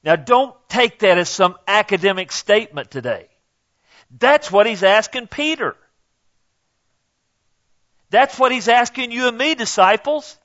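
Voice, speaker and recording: A man preaching a sermon in a conversational way, often checking in with "okay?", rising on his key questions and dropping low for asides. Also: lively intonation, measured pace, pauses often, fairly bright tone, highs cut off. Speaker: pastor.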